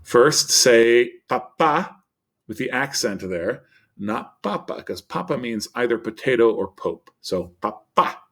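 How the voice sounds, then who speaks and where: A man teaching a recorded vocabulary lesson, explaining in an upbeat way and reading word lists slowly. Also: mid-range voice, expressive, a bit bright. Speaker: Spanish teacher.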